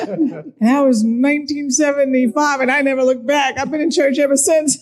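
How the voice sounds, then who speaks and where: An older woman with a New York accent, a physician sharing her personal testimony in an earnest storytelling way, with soft chuckles. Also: high voice, normal speed.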